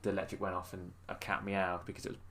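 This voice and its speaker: A man's voice: low voice, monotone, very fast, gravelly, pushed and bright. A man co-hosting a podcast, telling long rambling stories in casual chat with many fillers. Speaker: podcast co-host.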